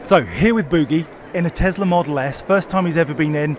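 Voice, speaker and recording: A man's voice: on the high side, a little fast, heavy background noise. A man presenting at an outdoor motor event, bantering in a jokey showman tone. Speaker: video presenter.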